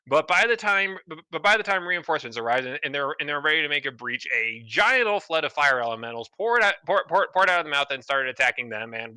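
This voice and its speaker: A man's voice: a little high, pushed and bright, smooth, dry recording. A man narrating a tabletop game as game master, often stumbling and repeating words.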